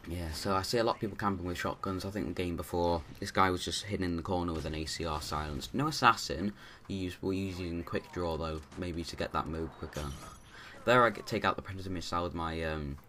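A man's voice: low-pitched, quick pace, sharp tone, a little hiss or hum. A man giving rambling, casual commentary over his own gameplay, full of restarts and fillers.

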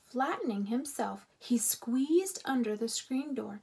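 A woman reading a children's book aloud as narrator, expressive and unhurried. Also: fairly high pitch, vocal fry.

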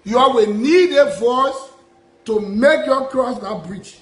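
Aggrieved Liberian man, high voice. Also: takes it slowly, roomy sound, low-quality recording. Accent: Liberian English. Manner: repetitive, aggrieved, rhetorical questions. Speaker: prophet. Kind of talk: impassioned public address.

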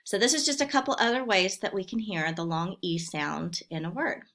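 A woman's voice: mid-range voice, a little fast, a bit bright. A woman teaching a remote phonics lesson to second graders, patiently sounding out words syllable by syllable.

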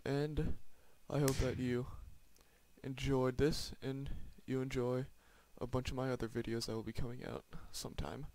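Excitable gamer guy with a gravelly voice. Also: mid-range voice, normal speed, no room sound. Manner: excitable, blurts exclamations mid-game. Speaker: gaming channel host. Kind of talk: live gameplay commentary.

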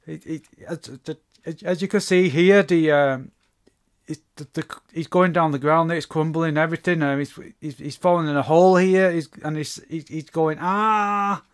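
A man's voice: fairly high pitch, fairly even intonation, moderate pace. A man giving a casual spoken review of a comic book issue, rambling with many fillers and restarts.

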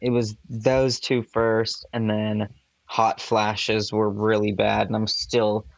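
A young man chatting as a podcast guest, telling relaxed stories and laughing at himself. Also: fairly low pitch, takes it slowly, vocal fry, no echo, highs cut off. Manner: relaxed storytelling, mimics voices with laughs. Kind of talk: casual chat.

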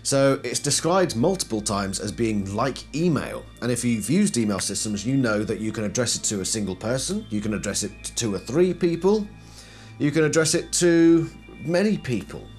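A man's voice: medium pitch, very animated, moderate pace, darkish tone, faint music behind. A man giving a casual explanatory commentary, posing questions and then answering them himself. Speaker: video essayist.

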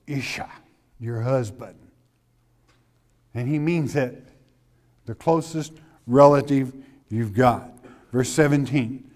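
Slow, folksy preacher man. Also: mid-range voice, darkish tone. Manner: folksy, emphatic, keeps checking in with listeners. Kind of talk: expository sermon.

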